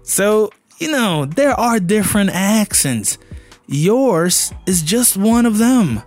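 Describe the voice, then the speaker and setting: Man in his thirties, Brazilian Portuguese accent, English teacher, animated casual talk, fairly high voice, soft music underneath. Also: takes it slowly. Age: 30s. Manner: animated, conversational, often asks the listener questions. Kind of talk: casual spoken lesson to camera.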